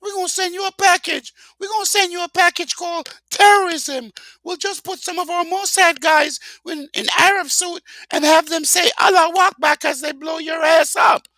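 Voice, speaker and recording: A man putting on a mocking falsetto voice for a sneering, scheming man. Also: steady tone, moderate pace, few pauses, sharp tone, no echo. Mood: taunting. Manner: taunting, squeaky falsetto.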